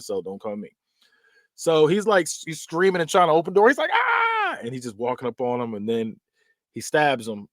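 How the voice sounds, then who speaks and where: This podcast host speaks at medium pitch in a studio-quality recording without echo, casually recapping a movie. Loose and conversational with frequent fillers, he animates scenes by acting out yelps, screams, and quoted voices.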